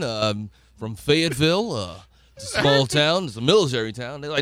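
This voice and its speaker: A man from North Carolina, a comedian guest, telling stories in animated casual chat and laughing often. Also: mid-range voice, brisk, crowd noise.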